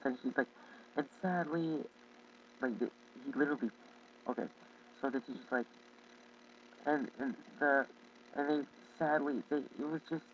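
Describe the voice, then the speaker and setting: Giggly, rambling young vlogger. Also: male voice, medium pitch, creaky, far from the mic, lo-fi sound, a little hiss or hum. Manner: rambling, giggly, halting with many restarts. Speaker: YouTube storyteller. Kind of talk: casual storytelling vlog.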